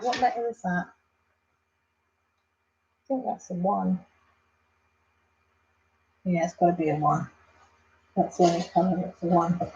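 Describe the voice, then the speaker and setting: A woman's voice: on the low side, muffled recording. A Welsh woman chatting casually to viewers on a live stream at home, addressing them by name and rambling on. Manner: chatty, warm-hearted, talks to viewers by name. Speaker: vlogger.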